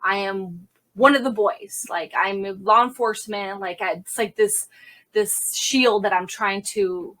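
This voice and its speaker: A woman crime scene investigator telling her story as an interview guest, animated and quick, acting out the dialogue she recalls. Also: medium pitch. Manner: animated, fast-talking, reenacts dialogue. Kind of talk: candid conversational storytelling.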